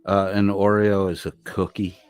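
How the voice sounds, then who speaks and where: Low-voiced man streaming live. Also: flat delivery, moderate pace, darkish tone, clean tone, dry recording. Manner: rambling, profane, talks back to chat. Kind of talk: casual live-stream chat, reading comments aloud. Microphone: laptop microphone.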